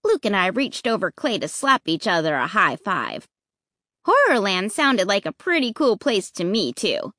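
A woman narrating a children's horror story in the first person with an expressive, suspenseful delivery. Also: medium pitch, normal speed, no echo, studio quality. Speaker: audiobook narrator.

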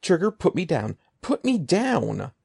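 A man doing a shrill, panicked young boy. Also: wildly swooping pitch, unhurried, creaky, darkish tone, husky, exaggerated voice. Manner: shrill, frantic pleading. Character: panicked twelve-year-old boy. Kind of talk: storybook character voice.

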